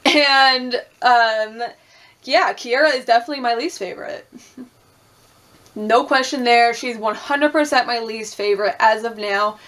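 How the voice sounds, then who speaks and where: A young woman with a slightly high voice talks through a reality show episode in a loose, chatty way. She swears freely, acts out lines from the show and laughs often as she goes. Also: unhurried, fairly bright tone. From Puerto Rican and Cuban heritage. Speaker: reality TV recap vlogger. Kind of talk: casual recap chat.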